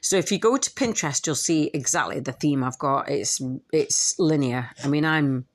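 A woman's voice: deep voice, normal speed. A woman hosting her own podcast, talking candidly in a casual monologue, swearing and acting out quotes. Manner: candid, swearing, animated quoting with laughs. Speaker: podcast host and author. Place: at home with a dog nearby.

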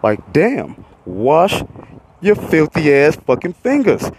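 A man's voice: a little high, huge pitch swings, normal speed, darkish tone, breathy edge, rough recording. A young man hosting a podcast, delivering a heated, profane, repetitive rant. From Florida, USA. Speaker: podcast host.

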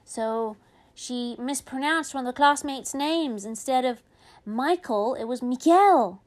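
A woman telling a funny story in a chatty, animated way, acting out the characters' voices. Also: high voice, unhurried. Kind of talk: casual storytelling.

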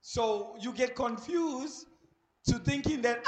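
There's a noisy background as this South African pastor preaches at a moderate pace from a church pulpit into a handheld mic. He has a voice pitched high for a man and stays animated, laughing and putting on acted-out voices.

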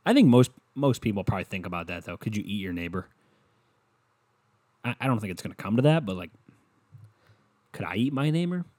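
A man's voice: lowish voice, expressive, a little fast, long pauses, darkish tone, dry recording. A young man hosting a solo comedy podcast, rambling and swearing and laughing at his own jokes. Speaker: podcast host.

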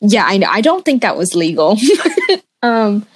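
Young woman, podcast co-host, giggly animated storyteller, casual chat. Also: mid-range voice, moderate pace, husky.

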